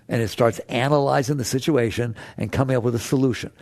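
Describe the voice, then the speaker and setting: Gravelly older man giving a lively talk. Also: mid-range voice, fast talker, hardly any pauses, no room sound, studio quality. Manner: animated, conversational, asks the audience questions, acts out inner voices. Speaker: spiritual teacher. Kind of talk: talk to a live audience.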